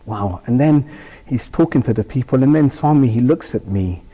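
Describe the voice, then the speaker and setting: A man's voice: medium pitch, lively intonation, moderate pace, warm tone, breathy edge, in a large hall. A man, a guest in an interview, recounting a personal experience and acting out the dialogue as he goes. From United Kingdom. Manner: vivid retelling that acts out dialogue. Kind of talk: emotional personal storytelling.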